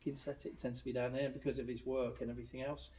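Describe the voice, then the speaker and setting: A man's voice: mid-range voice, very fast, slight background noise. A man, a hypnotherapist and life coach, explaining his ideas with anecdotes as a podcast guest. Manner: animated, explains with examples and anecdotes. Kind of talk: casual podcast conversation. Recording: roomy echo, distant mic, faint ambience.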